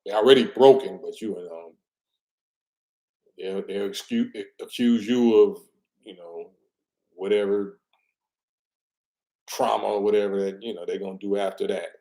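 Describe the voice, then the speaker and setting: A man's voice: on the low side, steady tone, a little slow, pauses often, warm tone. A middle-aged man giving an emphatic, preachy street-talk monologue and repeating his words as he commentates. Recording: roomy echo.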